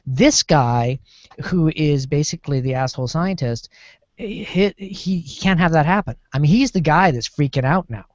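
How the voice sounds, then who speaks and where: A man on a TV discussion panel, rambling and animated as he talks through a series. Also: a little high, normal speed, no echo. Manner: rambling, lots of fillers and restarts, animated. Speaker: podcast panelist. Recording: dull lo-fi sound.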